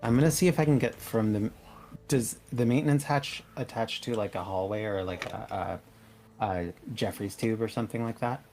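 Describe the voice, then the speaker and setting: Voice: medium pitch, moderate pace, darkish tone. A player in a casual tabletop game who asks long, rambling questions.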